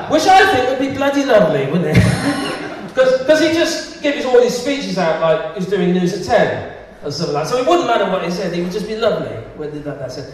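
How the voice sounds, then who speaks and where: A man doing stand-up comedy, lively and laughing through his punchlines. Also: high-pitched. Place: comedy club stage. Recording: distant echoey hall with noise.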